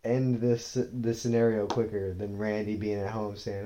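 Young man, podcast co-host, low warm voice, laid-back, mumbly, faint hiss. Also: flat delivery, normal speed, muffled recording. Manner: laid-back, mumbling, trails off into quiet asides. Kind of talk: casual comedic banter.

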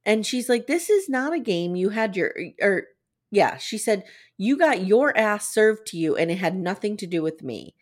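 Woman, podcast co-host, casual recap chat, animated pitch, quotes scenes with asides. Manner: retells scenes with quoted lines, quick asides.

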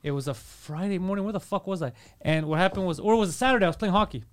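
Fast-talking man telling a profane story. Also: sits high, clear, resonant tone. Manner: fast, swearing, acts out quotes loudly. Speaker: podcast co-host. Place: podcast studio.

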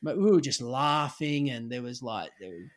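His voice is mid-range and his pace moderate as the middle-aged ex-footballer from Australia spins a casual anecdote. Animated throughout, he voices the people he quotes.

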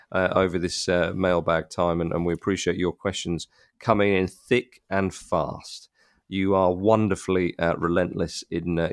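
A man's voice: sits low, dry recording, studio quality. A man with an English accent, co-hosting a podcast with playful, teasing banter. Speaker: podcast co-host. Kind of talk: casual podcast chat.

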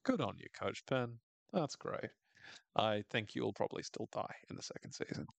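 Animated, sweary man recapping a show. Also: fairly low pitch, moderate pace, creaky, no echo. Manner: animated, sweary, laughs often. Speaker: podcast host. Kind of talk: casual episode recap.

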